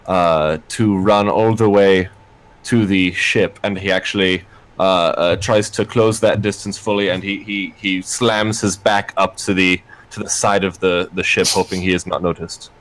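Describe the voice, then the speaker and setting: A man playing a tabletop game, describing his character's moves in a halting way with many fillers. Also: deep voice, fairly even intonation, fairly bright tone, poor audio. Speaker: player.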